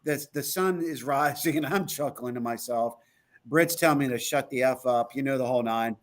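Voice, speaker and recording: A man's voice: mid-range voice, normal speed. A man co-hosting an online talk show, telling a trip story in casual chat, acting out quotes and laughing often. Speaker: podcast co-host.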